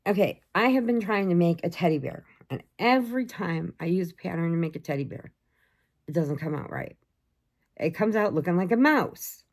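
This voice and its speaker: An older woman talks casually to her viewers, rambling from story to story and laughing often. Her voice sits a little low and has a gravelly, fry-heavy texture. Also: expressive, normal speed. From Chicago area. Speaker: crochet vlogger. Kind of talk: casual chat to camera.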